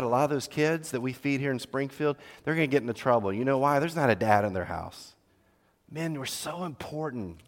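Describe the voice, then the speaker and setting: A middle-aged male pastor delivers an earnest sermon in an ordinary mid-range voice. He presses his points with loud emphasis, then softens to near-whispered tenderness. The recording carries a long reverb from a large church hall. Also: mid-range voice. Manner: earnest, exhorting, swings between loud emphasis and hushed tenderness.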